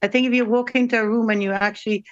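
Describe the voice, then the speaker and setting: A woman's voice: fairly high pitch, fairly even intonation, rapid-fire, dull audio. A woman with a Caribbean accent, chatting and telling stories as a guest on a video call. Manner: chatty, storytelling, laughs often. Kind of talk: casual group chat.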